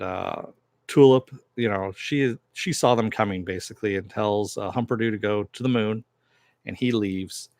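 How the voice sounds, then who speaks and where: In a lowish voice with no echo, a TV recap reviewer tells the story of an episode loosely, wandering off on asides and leaning heavily on filler words.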